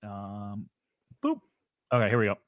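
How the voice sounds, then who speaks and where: Podcast cohost reading names off a list, wry jokes, bouncy pitch, dry sound. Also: wildly swooping pitch, dry recording, phone-quality sound. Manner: reading names aloud, halting, wry asides. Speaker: podcast co-host. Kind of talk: casual chat.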